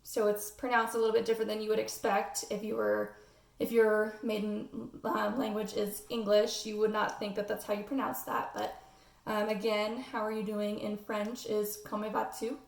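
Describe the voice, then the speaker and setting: A woman's voice: medium pitch, level tone, normal speed, vocal fry, recorded from a distance. Hesitant American woman, echoey room. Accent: General American. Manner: hesitant, many "um" fillers. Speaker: student presenting a class assignment. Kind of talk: casual spoken class presentation.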